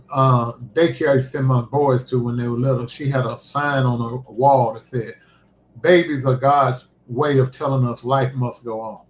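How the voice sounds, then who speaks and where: A middle-aged man hosting a livestream, telling a personal story in a halting, emotional way. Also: medium pitch, a little hiss or hum. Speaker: livestream host. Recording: roomy echo.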